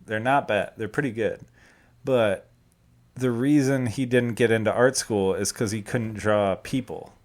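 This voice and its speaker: A man's voice: on the low side, measured pace. A man co-hosting a podcast, telling crude, joking stories in casual chat. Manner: crude, joking, animated storytelling. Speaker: podcast co-host.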